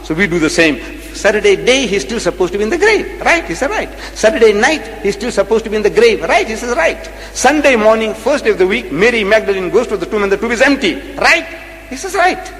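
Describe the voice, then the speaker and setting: In a hall, an animated, high-voiced man from South Africa delivers a public religious debate lecture. His style is rhetorical: he repeats phrases and fires questions at the audience.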